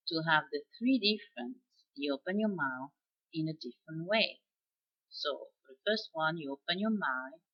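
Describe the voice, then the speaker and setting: Slow low-voiced woman teaching. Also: breathy edge, lo-fi sound. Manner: slow, deliberate demonstrations of sounds. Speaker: French pronunciation teacher. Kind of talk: slow spoken language lesson.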